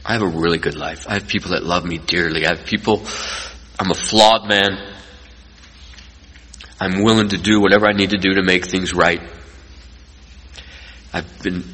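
A middle-aged man giving an earnest personal recovery talk to an audience, telling stories and dropping between loud and quiet. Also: deep voice, fairly even intonation, normal speed, pauses often, slightly rough. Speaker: recovery speaker. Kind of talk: personal testimony speech to an audience. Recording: long reverb from a large hall.

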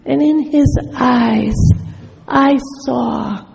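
Slow, gravelly woman telling her story. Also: a little high, fairly even intonation, mellow, long reverb tail, dull audio. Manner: wry storytelling, acting out remembered dialogue. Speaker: speaker sharing her recovery story. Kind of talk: personal testimony talk.

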